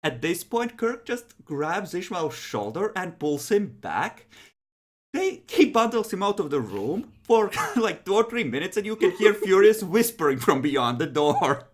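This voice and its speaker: A game master narrating a tabletop horror game casually, breaking into laughter between rulings. The voice swoops up and down with lively pitch. The delivery is loose and conversational. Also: a little slow.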